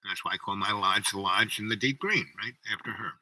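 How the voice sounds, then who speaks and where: A man's voice: on the low side, quick pace, bright, forceful tone, dry recording, poor audio. A man telling a personal story in a rambling way, full of asides and "you know, right?".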